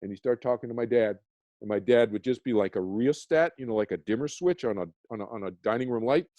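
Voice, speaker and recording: This meditation teacher, speaking as a guest, talks fast in a mellow, medium-pitched voice, recorded dry. He explains earnestly, restarts frequently, and keeps asking "okay?"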